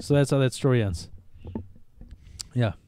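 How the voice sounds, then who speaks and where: A man's voice: medium pitch, measured pace, a little hiss or hum. A man casually telling a long story on a podcast, swearing freely and acting out the people in it. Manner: animated, acts out quotes, swears a lot, restarts.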